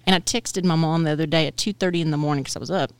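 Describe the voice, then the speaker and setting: A woman's voice: sits low, steady tone, very fast, smooth, no echo. A middle-aged woman from Texas chatting as a podcast guest, telling self-deprecating stories with a laugh. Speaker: utility company CEO, podcast guest. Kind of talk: casual chat.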